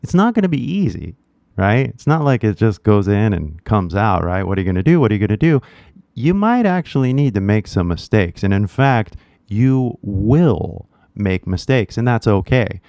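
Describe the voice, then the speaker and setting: A man's voice: lowish voice, very animated, normal speed, darkish tone, dry recording, dull audio. A Californian man giving a casual spoken lesson, chatty and peppering his talk with "right?". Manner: chatty, many rhetorical "right?" tags. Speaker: language teacher.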